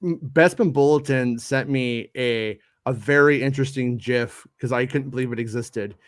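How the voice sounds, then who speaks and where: A man's voice: mid-range voice, moderate pace, dry recording, studio quality. A man hosting a casual live show, reading viewer comments aloud in a rambling way, with lots of stammered restarts and self-deprecating asides. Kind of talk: casual live-stream chat.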